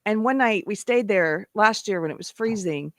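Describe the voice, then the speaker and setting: A woman's voice: mid-range voice, lively intonation, normal speed, a bit bright, no echo, clean studio sound. A woman from Texas hosting a live online panel, talking casually with many restarts and laughs. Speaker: host.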